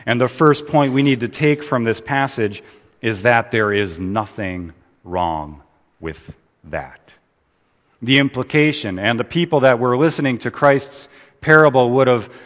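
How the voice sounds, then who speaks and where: Slow, deliberate low-voiced male preacher. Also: big-room sound. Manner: deliberate, emphatic, stresses key words. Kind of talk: sermon.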